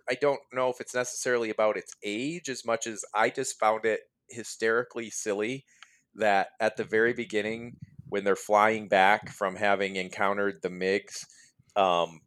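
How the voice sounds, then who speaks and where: A man hosting a casual podcast chat, animated and laughing often as he tells stories. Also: fairly low pitch, clear, resonant tone. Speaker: podcast host.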